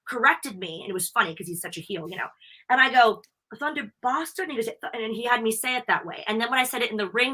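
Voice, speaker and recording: A young American woman on a live interview podcast, chatting in a bubbly, animated, talkative way. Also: fairly high pitch. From United States. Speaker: wrestling interviewer and guest. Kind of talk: casual live interview chat.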